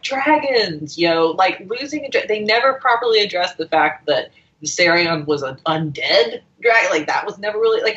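A woman's voice: mid-range voice, fairly bright tone. A woman guest on a podcast, chatting casually and animatedly, laughing often and acting out quotes. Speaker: guest TV editor. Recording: dull lo-fi sound.

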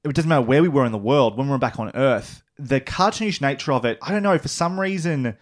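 A man's voice: mid-range voice, lively intonation, fast. Man rambling through a casual chat. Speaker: podcast co-host.

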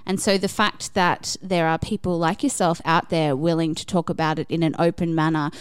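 A woman's voice: low-pitched, steady tone, moderate pace, clear, resonant tone, no echo, studio quality. A woman co-hosting a podcast in casual chat, laughing often and acting out quoted lines. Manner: chatty, laughs often, playful quoting voices. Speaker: podcast co-host.

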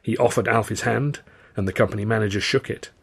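A man, the author, reading his novel aloud in measured, dry first-person narration. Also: lowish voice, gravelly, husky.

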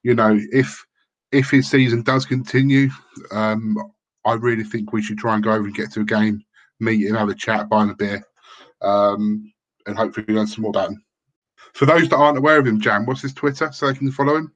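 A man's voice: lowish voice, steady tone, a little fast, highs cut off. A man co-hosting a podcast, chatting casually and earnestly. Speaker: podcast co-host. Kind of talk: casual chat.

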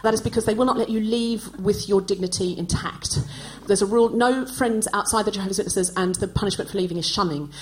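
A woman's voice: mid-range voice, fast, few pauses, slight background noise, poor audio. A woman in her forties from Australia, hosting a podcast on a live stage and delivering a stand-up comedy monologue with wry, self-mocking timing. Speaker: podcast host. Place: live stage before an audience.

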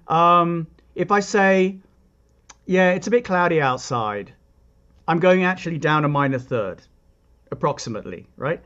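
A man speaking as a composer and guest on a podcast, explaining at length in a thoughtful, reflective way and often restarting his sentences. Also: fairly high pitch. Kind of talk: explanatory interview talk. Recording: dull lo-fi recording.

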